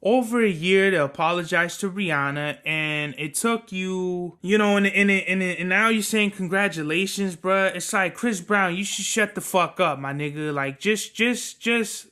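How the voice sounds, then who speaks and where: Bright, tense-voiced man ranting casually. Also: sits high, a little slow, clear, resonant tone. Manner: rambling, profane, slangy, opinionated. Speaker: podcast host. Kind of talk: casual solo commentary.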